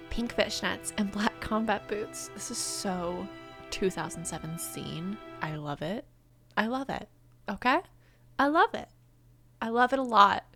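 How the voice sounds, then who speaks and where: A young woman reading a fan story aloud, with sarcastic, playful asides. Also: medium pitch. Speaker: YouTuber. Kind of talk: reading a fanfic aloud with comedic commentary.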